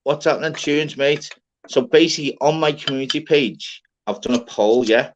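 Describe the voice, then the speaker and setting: A man's voice: fairly high pitch, moderate pace, a little hiss or hum. A man hosting a live stream, bragging and swearing in loose casual banter. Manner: boastful, slangy, swears freely. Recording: dull lo-fi stream audio.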